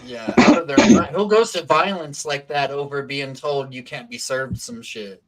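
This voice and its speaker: Profane, animated storytelling man. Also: mid-range voice, moderate pace. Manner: profane, animated, acts out quotes. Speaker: guest telling a story. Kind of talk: casual storytelling chat.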